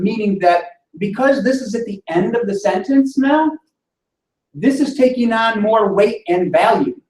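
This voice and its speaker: An instructor lectures on sentence structure, explaining things patiently and often tacking a quick "right?" onto his points to check in with the class. His fairly high voice sounds roomy, captured from a distance in an echoing classroom.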